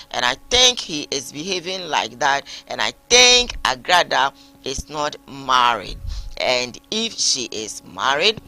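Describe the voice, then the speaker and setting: Bright animated Ghanaian man hosting. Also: on the high side. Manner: animated, switching between English and Twi. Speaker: host. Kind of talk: casual talk show with viewer messages. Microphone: live-streamed talk show.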